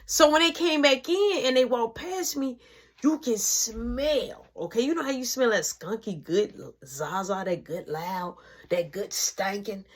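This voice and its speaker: A woman narrating a story from her own life in a lively, slang-heavy, profane voice. Her speaking voice sits a little higher than most women's. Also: unhurried.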